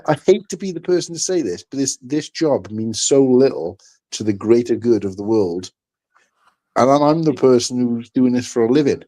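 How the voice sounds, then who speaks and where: A man from the United Kingdom co-hosting a casual livestream chat, telling animated stories and swearing freely. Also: mid-range voice.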